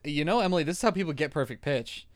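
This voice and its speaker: A man's voice: on the high side, expressive, very fast, dry recording, studio quality. A man co-hosting a podcast, chatting casually in a joking, rambling way and laughing often. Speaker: podcast co-host. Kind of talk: casual chat.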